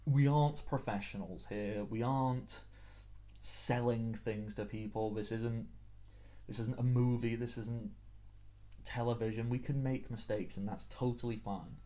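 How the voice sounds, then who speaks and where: A man's voice: medium pitch, fairly even intonation, measured pace, warm tone. A British man giving tabletop game master tips in a chatty, self-deprecating way, on a dull lo-fi recording. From Britain. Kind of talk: casual tips video.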